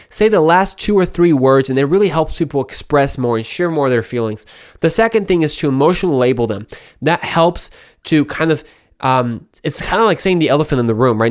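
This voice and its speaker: A man hosting his own show, giving casual, earnest advice to listeners and often restarting his words as he acts out short example conversations. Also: on the high side. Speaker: podcast host. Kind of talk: casual advice talk to camera.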